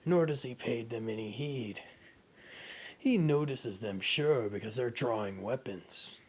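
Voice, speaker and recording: A man's voice: mid-range voice, expressive, measured pace, darkish tone, breathy edge. A man narrating an improvised fan story casually, with restarts and asides.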